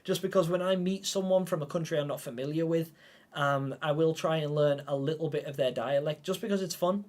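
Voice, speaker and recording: A man's voice: on the high side, a little fast. Chatty man hosting a live stream. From England. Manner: chatty, rambling, reads out viewer comments; bursts into loud excited greetings. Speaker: livestream host. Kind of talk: casual live-chat stream.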